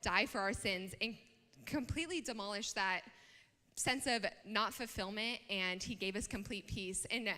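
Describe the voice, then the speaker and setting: A woman's voice: mid-range voice, normal speed, bright, forceful tone, long reverb tail. A young woman, a student speaker, telling a chatty personal story in a youth talk, with many fillers.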